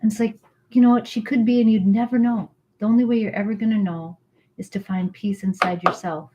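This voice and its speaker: Woman co-host, chatty in talk, calm and measured when reading aloud; mid-pitched. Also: background noise. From Irish heritage, not accent. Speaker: co-host reading spiritual texts. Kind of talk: casual chat and reading aloud.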